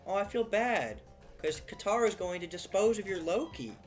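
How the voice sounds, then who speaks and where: Man, chatty let's play host, excitable, self-mocking, music behind. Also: high-pitched, normal speed. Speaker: gaming YouTuber.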